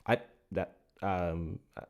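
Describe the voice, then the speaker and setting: A man's voice: low-pitched, steady tone, takes it slowly, muffled recording. A man hosting a live call-in politics stream, arguing bluntly with callers, swearing often and stumbling over repeated words.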